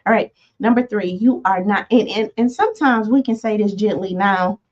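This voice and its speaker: A woman in her forties leads a motivational self-help talk in a soft, gentle tone. She speaks conversationally, wandering into asides and fillers as she goes. The audio is a little dull and lo-fi. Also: medium pitch, moderate pace. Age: 40s. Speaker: self-help podcast host.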